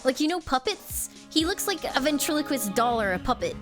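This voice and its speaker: A woman's voice: high-pitched, sing-song, brisk, few pauses, over music. A British woman streaming a game live, chatting playfully with her viewers.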